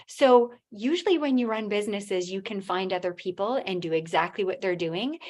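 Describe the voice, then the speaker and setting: A middle-aged woman with a non-native English accent, giving a motivational talk on stage in a halting way, with restarts and acted-out quotes. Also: mid-range voice. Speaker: motivational speaker.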